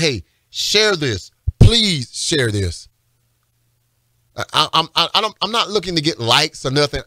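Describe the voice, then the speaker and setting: A preacher delivers a fervent radio sermon, his bright, forceful voice leaping through a lively range of pitch. He hammers the same phrases over and over, rising to emphatic calls. The studio sound is dry and close. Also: dry recording. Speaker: radio pastor and host. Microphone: studio microphone.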